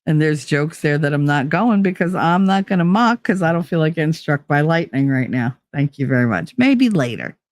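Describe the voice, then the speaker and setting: A woman's voice: sits low, lively intonation, normal speed, hardly any pauses, no echo, studio quality. A woman with a New Jersey accent hosting a livestream, chatting casually with viewers in a blunt, profane, rambling way. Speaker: livestream host. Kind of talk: casual chat with live viewers.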